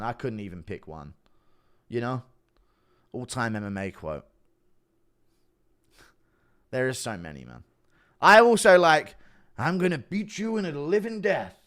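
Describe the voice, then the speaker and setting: A man's voice: mid-range voice, fairly bright tone, clean tone. A young man chatting casually on a livestream, offhand and swearing, jumping between topics. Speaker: streamer reacting to chat.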